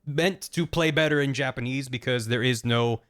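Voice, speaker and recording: A man's voice: mid-range voice, moderate pace, a bit bright. A man casually retelling a video game plot on a stream, rambling with lots of fillers and restarts. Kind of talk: casual retelling with acted-out quotes.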